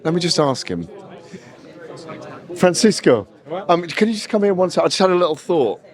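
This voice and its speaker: A man's voice: on the high side, big pitch swings, normal speed. A boxing journalist chatting playfully in a casual interview, joking and tripping over his words. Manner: playful, joking, stumbles and restarts.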